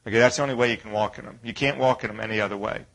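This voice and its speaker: A man's voice: on the low side, rapid-fire, creaky, rough recording. A middle-aged man preaching a conversational sermon, asking rhetorical questions and acting out complaining voices. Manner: animated, acts out whiny voices, rhetorical questions.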